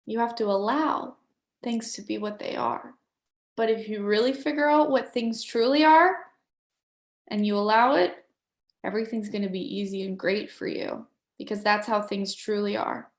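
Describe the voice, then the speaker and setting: A woman's voice: mid-range voice, normal speed, reverberant. A woman leading a live online motivational workshop, talking in a playful, upbeat way and coaxing her audience along. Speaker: workshop facilitator.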